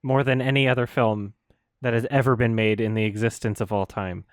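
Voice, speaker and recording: A man's voice: steady tone, brisk, dry recording. A man reviewing a film while he edits, ranting in frustration and laughing in disbelief. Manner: frustrated, laughing, pitch jumps up when outraged. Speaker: video reviewer. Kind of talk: exasperated ranting while editing.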